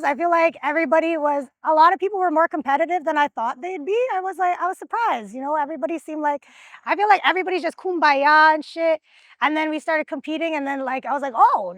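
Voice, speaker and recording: High-voiced, profane storytelling woman. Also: no echo. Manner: animated, profane, acts out quotes. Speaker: reality show contestant. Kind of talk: confessional storytelling.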